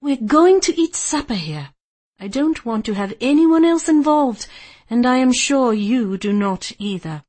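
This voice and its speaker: A woman reading a cold, menacing gentleman kidnapper in an audiobook, speaking in a bored, threatening drawl. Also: a little high, lively intonation, a little slow. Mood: cold menace.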